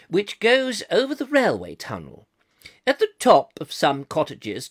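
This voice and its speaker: A man putting on a posh, old-fashioned English received pronunciation accent, playing a vintage BBC announcer who reads walking directions in a slow, measured, declaiming way. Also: a little high, a bit bright, full character voice. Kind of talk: mock vintage radio narration.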